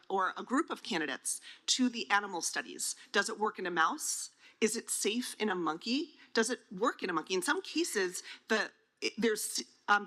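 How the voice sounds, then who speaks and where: A woman's voice: medium pitch, sharp tone. A woman on a conference panel, explaining drug trials to families in a plain, teacherly way, asking and answering her own questions.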